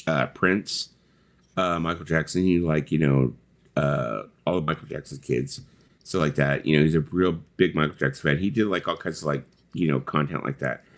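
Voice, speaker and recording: Deep-voiced man rambling in casual chat. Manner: rambling storytelling with many fillers and swearing. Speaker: host.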